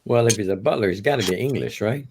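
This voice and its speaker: A man's voice: on the low side, quick pace. A man co-hosting a casual live stream, teasing the host in short, dry replies. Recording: faint background noise.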